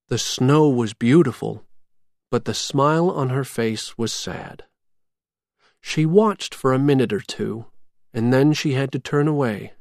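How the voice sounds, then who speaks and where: A man reading a children's storybook aloud as narrator, in a slow, expressive read-aloud manner. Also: medium pitch, no echo, clean studio sound.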